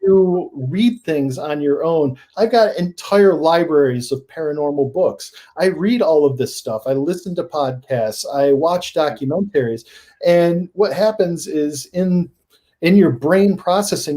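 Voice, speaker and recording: A man guest on a paranormal podcast, telling his stories in a casual, animated way that rises into excited emphasis. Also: on the high side. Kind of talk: casual storytelling in a podcast interview.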